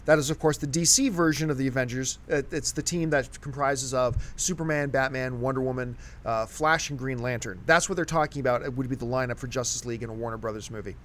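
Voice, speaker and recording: A man hosting a casual movie chat show, steering the discussion and talking with animated energy. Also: mid-range voice, quick pace, few pauses, a little hiss or hum. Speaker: host.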